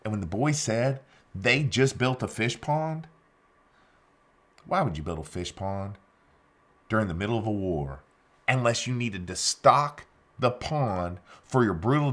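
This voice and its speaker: A man giving a keynote speech, telling a story with dramatic swings in loudness and acting out the people he quotes. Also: mid-range voice. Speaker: keynote speaker.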